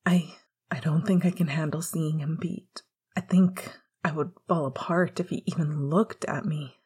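A woman voicing a heartbroken, bitter young man who mumbles in a breathy half-whisper. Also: low-pitched, fairly even intonation, unhurried, darkish tone, exaggerated voice. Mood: quiet despair. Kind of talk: audiobook character reading.

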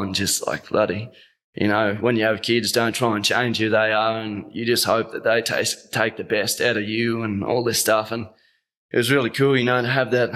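Choked-up Australian man, low voice. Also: a bit bright. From Northern Territory, Australia. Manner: rambling, heartfelt storytelling with many fillers. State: choked up, voice catching. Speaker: guest. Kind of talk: casual podcast interview.

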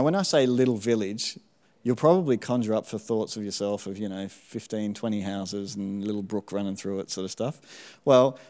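A middle-aged man giving a sermon testimony in church, telling his story in a relaxed, self-deprecating way with frequent ums. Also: on the low side, in a large hall. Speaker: church speaker sharing testimony.

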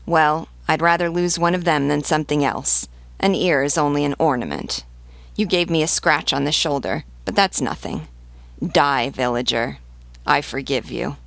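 A woman's voice: low voice, moderate pace, gravelly, no room sound. A woman reading the lines of a brash, mocking wounded soldier in a taunting, scornful manner. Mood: grumbling.

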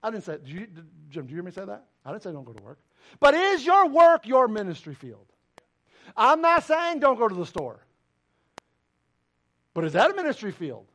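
A man's voice: sits high, huge pitch swings, normal speed, long pauses, a bit bright. A man preaching a sermon as pastor, emphatic and full of direct questions to the congregation. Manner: emphatic, preaching with rising and falling intensity.

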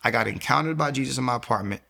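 A man with a gravelly, creaky voice tells his faith testimony in an animated style, acting out the voices in the dialogue he recounts. He speaks at a middle pitch and often says "like" as he restarts his sentences. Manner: animated retelling that acts out quoted dialogue; frequent filler "like" and quick restarts. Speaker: guest giving a faith testimony. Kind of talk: personal testimony storytelling.

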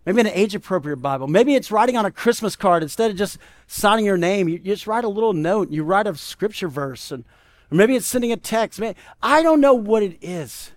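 Animated high-voiced male pastor. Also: fairly quick. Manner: conversational, animated storytelling with frequent "right?". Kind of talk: sermon.

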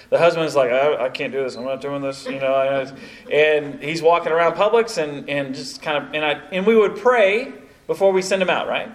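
A man leading a church evangelism training session, telling stories with many asides to a live group. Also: sits high. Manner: storytelling, animated, many asides like "you know, kind of thing". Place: church meeting room with a live audience.

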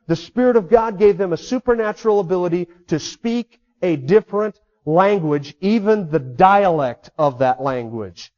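Man preaching, high voice, emphatic, repeats words, dull lo-fi sound. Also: darkish tone. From United States. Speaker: pastor. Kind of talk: sermon.

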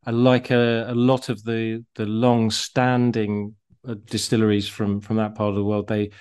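Man explaining whiskey, lower voice. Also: normal speed, clean tone. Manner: explanatory, steady, with some fillers. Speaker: co-host. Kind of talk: casual chat explaining whiskey.

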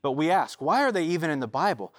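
A man's voice: fairly high pitch, big pitch swings, quick pace, no echo, clean studio sound. A man preaching as a pastor, earnest and conversational. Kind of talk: sermon.

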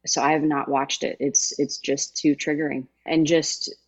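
As an interview guest, a former sideline reporter tells an emotional story in an emphatic, heartfelt way. She speaks at a moderate pace in a low voice with little pitch movement and a breathy edge.

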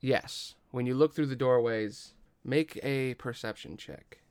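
A man running a tabletop game as game master, with slow, dramatic narration and casual asides. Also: mid-range voice, background noise.

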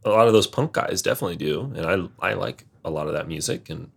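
Deep-voiced man in casual podcast chat. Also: lively intonation, quick pace, creaky, breathy edge. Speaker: podcast co-host.

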